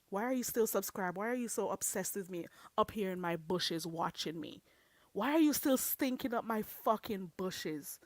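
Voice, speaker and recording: A woman rants straight at her viewers on her own channel. She swears constantly and hammers the same lines again and again. Her voice sits at a middle pitch, recorded dry with no room echo. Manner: profane, confrontational, repetitive. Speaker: channel host. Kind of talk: vlog rant at viewers.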